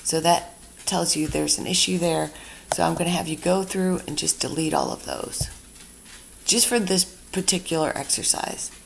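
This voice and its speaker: A woman instructor giving a screen-recorded software tutorial, chatty and talking herself through each step. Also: deep voice, very animated, moderate pace, gravelly, slight background noise.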